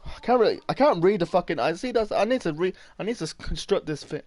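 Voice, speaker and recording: A man's voice: sits high, lively intonation, fast talker, darkish tone, no echo. A man doing casual gaming commentary, rambling and swearing while he reads his chat. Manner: rambling, swearing, many restarts. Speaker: gaming streamer.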